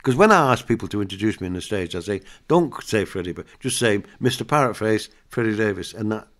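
Older comedian guest, low and animated, a chatty storyteller acting out gags. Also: male voice, quick pace. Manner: chatty storyteller, laughs often, acts out jokes. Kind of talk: anecdotal interview chat.

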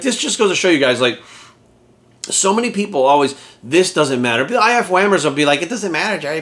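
A middle-aged man rants straight at his audience, swearing constantly and sounding openly exasperated. His voice sits a little on the high side for a man. He talks like a blunt fitness coach sounding off. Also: a bit bright. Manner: profane, blunt, exasperated ranting. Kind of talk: ranting commentary to camera.

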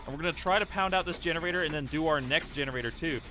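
A young man giving excitable live commentary over his gameplay, pleading with teammates and cheering at wins. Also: on the high side, very fast, noisy background. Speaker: gaming YouTuber.

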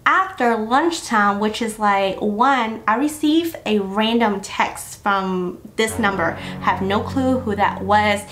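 A young woman beauty vlogger telling a personal story to her viewers in a chatty, animated way. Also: mid-range voice, takes it slowly, few pauses. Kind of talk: casual storytelling to camera.

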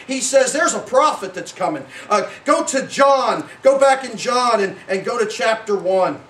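Preaching a sermon in a church sanctuary, a middle-aged pastor speaks in a very high, expressive, fairly bright voice at a measured pace with few pauses. He rambles, corrects himself, and uses many fillers. The distant mic captures a roomy church sound and slight background noise.

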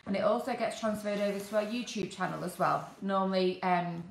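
A woman's voice: medium pitch, brisk, gravelly, a little hiss or hum. A woman co-hosting a live stream, steadily explaining where things are on the website, with many ums. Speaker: co-host reading out website details. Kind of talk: casual live-stream announcements. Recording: echoey kitchen room.

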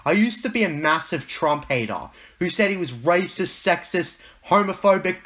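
A man's voice: high-pitched, expressive, normal speed, few pauses, fairly bright tone, soft background music. A man hosting a reaction video, commenting in a sarcastic, mock-dramatic way. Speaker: YouTube host.

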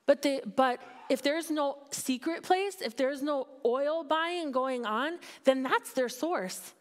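A woman's voice: high-pitched, slow. A woman pastor preaching a sermon in a candid, conversational way, building to emphatic peaks. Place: church sanctuary.

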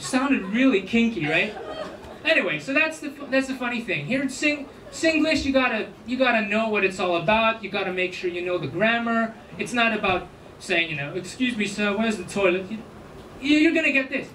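A man's voice: high-pitched, lively intonation, a little fast, a bit bright, slight background noise. A man doing stand-up comedy at a live venue, in a chatty, self-amused way. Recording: roomy, distant, faint ambience.

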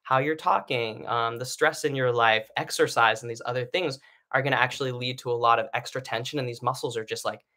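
A male vocal coach talks through breathing exercises in a relaxed, conversational lesson. His tone is bright and forward at an ordinary middle pitch, and he keeps checking in with "right?" between his points. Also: brisk. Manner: casual explaining with many fillers and "right?" checks. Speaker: singing teacher. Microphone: live stream setup.

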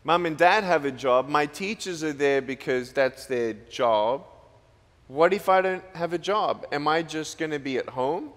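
A man's voice: on the high side, measured pace. A man from Australia giving a playful, joking motivational talk to students in a large school hall. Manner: playful, joking, lively storyteller. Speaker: motivational speaker.

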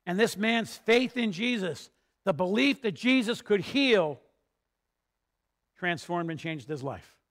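A man's voice: high-pitched, lively intonation, slow, fairly bright tone. A male pastor preaching a sermon, retelling a story and building to emphatic peaks.

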